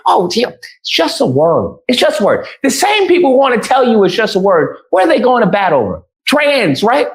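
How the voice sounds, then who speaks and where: A man delivering a heated opinion rant as an online commentator, mocking opponents by quoting them in put-on voices. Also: sits high.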